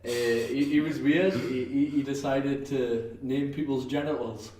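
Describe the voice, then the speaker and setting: A man's voice: mid-range voice, fairly even intonation, unhurried, darkish tone. A male wrestler with a North East English accent, chatting casually on a podcast, rambling with lots of fillers and restarts and laughing often. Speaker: professional wrestler, guest. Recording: echoey, distant mic with faint noise.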